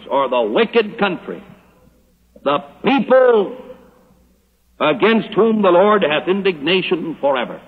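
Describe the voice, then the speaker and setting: A man pastor giving a radio Bible teaching sermon, preaching emphatically with slow, dramatic stressed phrases. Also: a little high, lively intonation, husky. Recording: muffled old radio broadcast with long reverb.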